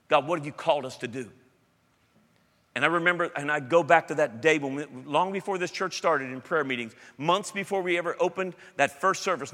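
A middle-aged man, a pastor, preaching a sermon with emphatic swings between loud declarations and hushed intensity. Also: medium pitch. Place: large church hall. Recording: long hall reverb.

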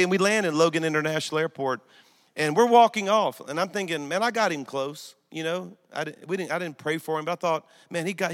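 A man from Louisiana preaching a storytelling sermon in church, swinging from hushed retelling to loud, excited bursts. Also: a little high. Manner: animated, swings from hushed to shouting, laughs at own story. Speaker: guest preacher.

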